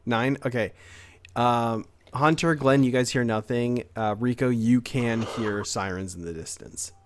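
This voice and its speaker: A man's voice: medium pitch, measured pace, slight background noise. Man narrating as game master. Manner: casual, with frequent fillers and restarts.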